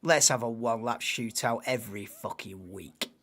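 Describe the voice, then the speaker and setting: A man's voice: mid-range voice, moderate pace, fairly bright tone. A man hosting a live watchalong, casual banter-heavy commentary that swears and laughs at his own jokes.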